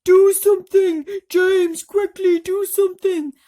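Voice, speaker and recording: A woman reading aloud and voicing a grumpy male earthworm who sounds exasperated and shrill. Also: slow, mellow. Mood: panicked.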